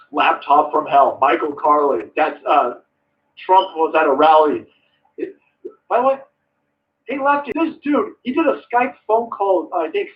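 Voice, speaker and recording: High-pitched male streamer, sarcastic and profane political ranter, recorded on a dull, distant mic. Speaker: live streamer. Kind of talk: ranting political commentary stream.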